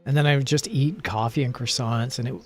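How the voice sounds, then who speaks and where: A man streaming and chatting in a loose, rambling way, poking fun at himself. His voice sits at an ordinary middle pitch, and soft music plays in the background. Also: brisk. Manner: rambling, playful, self-mocking. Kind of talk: casual stream chat.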